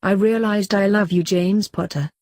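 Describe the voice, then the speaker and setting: A woman's voice: mid-range voice, steady tone, normal speed, darkish tone, no echo, clean studio sound, close to an everyday voice. A woman voicing an emotional, pleading young wife while reading a story aloud.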